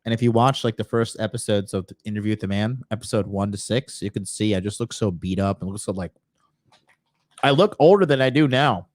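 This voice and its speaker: Male host, 30s, loose and profane, lower voice, dry sound. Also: fairly quick, dry recording. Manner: loose, swearing, laughs at himself. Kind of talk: casual talk to viewers.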